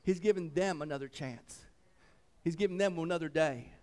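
A man preaching a sermon as pastor, swinging between loud fervent passages and hushed reverent ones, repeating phrases and calling out "come on.". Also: on the high side, moderate pace.

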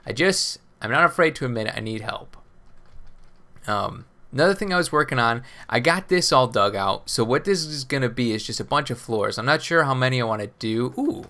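A man's voice: medium pitch, expressive, brisk, hardly any pauses, sharp tone. A man hosting a casual gameplay video, rambling and thinking aloud with self-deprecating asides about his building troubles. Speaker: Minecraft let's play host.

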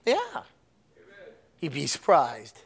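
A man preaching a sermon, animated, swinging between loud emphatic bursts and low asides. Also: takes it slowly, vocal fry, breathy edge. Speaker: pastor.

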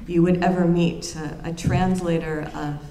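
A woman giving an academic lecture in an earnest, reflective way, often pausing and restarting her phrases. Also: on the low side, flat delivery, warm tone, slight background noise. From United States. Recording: roomy lecture room with faint ambience.

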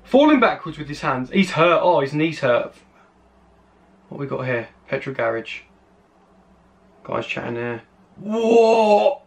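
A British man hosting his channel, giving excitable reaction commentary on crash videos and exclaiming at each clip. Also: medium pitch, a little slow, pauses often. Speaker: channel host.

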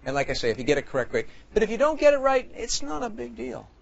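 A man, a priest, hosting a children's quiz show in a TV studio, jokey and animated, sometimes shouting with excitement. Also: high-pitched, quick pace, creaky. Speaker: priest and game show host. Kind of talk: lively game show hosting. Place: TV studio with audience. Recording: dull lo-fi studio sound.

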